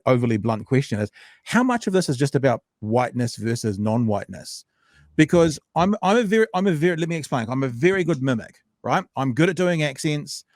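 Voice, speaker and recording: A man's voice: medium pitch, darkish tone, no room sound. Eager male podcast host, dry close sound. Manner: eager, jumps in with repeated restarts. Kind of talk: conversational interview.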